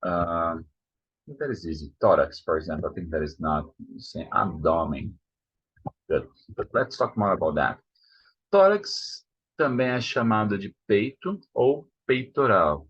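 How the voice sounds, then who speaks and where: A Brazilian man teaching Portuguese, saying each word slowly and repeating it to model the pronunciation. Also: low-pitched, very animated, a bit bright, husky. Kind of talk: language lesson. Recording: dull lo-fi sound.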